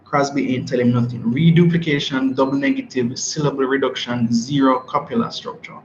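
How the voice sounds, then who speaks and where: A man's voice: medium pitch, steady tone, fairly quick, slight background noise. Man teaching an online review class. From Jamaica. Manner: checks chat for answers, reads multiple-choice questions aloud. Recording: dull, echoey room audio.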